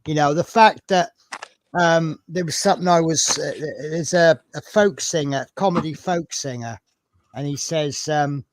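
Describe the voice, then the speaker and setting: A man's voice: fairly high pitch, unhurried, dry recording. A man with a broad Norfolk accent, chatting casually with a fellow modeller on a live stream and telling stories. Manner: chatty, storytelling, restarts often. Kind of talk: casual chat.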